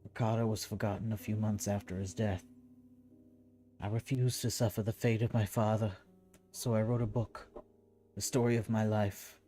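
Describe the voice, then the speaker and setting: Man putting on an old Sicilian mafia boss: proud, slow, booming, mellow-toned. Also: little pitch movement, soft background music, lightly acted. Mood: boastful. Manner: loud, slow, grand storytelling delivery.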